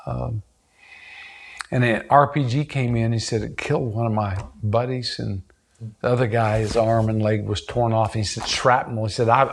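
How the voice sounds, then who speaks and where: Earnest middle-aged man telling a story. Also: gravelly. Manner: earnest, acts out quoted voices with rising pitch. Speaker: therapist. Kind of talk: conversational storytelling.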